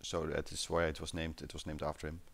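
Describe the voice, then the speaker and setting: A man casually explaining a software client during a screen-share chat, pausing often with fillers. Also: a bass voice, level tone, vocal fry.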